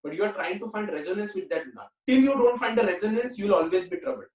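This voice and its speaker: Man, spiritual teacher, earnest and repetitive, high pitch, distant mic. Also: quick pace, a little mellow. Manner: earnest, repetitive, many "you know" fillers. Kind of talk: explanatory spiritual talk. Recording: roomy echo, mic at a distance.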